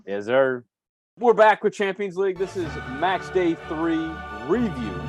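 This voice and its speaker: Excitable higher-voiced podcast co-host man. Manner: enthusiastic, laughs often, swears. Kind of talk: casual chat.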